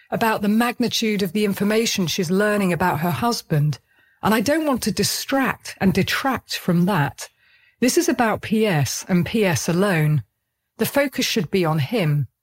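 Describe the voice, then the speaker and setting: A woman giving a scripted true crime narration in a measured, grave, matter-of-fact manner. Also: mid-range voice.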